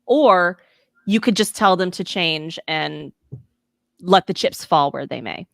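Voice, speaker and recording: Female guest consultant, articulate and emphatic, lowish voice, dry recording. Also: animated, slow, vocal fry, fairly bright tone, no echo. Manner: articulate, emphatic, laughs readily. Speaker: guest, change management consultant. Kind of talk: interview answers.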